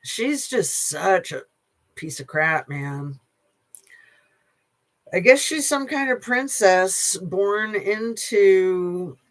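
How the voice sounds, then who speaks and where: Slow, sarcastic rambling commentator. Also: mid-range voice, a bit bright. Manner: sarcastic, rambling, with many filler pauses; blunt, swears casually. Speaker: channel host, news commentator. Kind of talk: casual opinion commentary.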